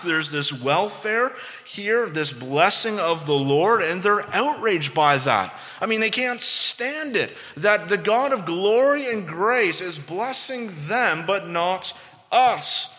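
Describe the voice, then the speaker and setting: A male preacher delivering an earnest expository sermon. His voice sits high and sounds bright and forceful. A long reverb trails each phrase, as in a large church hall. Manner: earnest preaching, voice rising high when voicing the mockers.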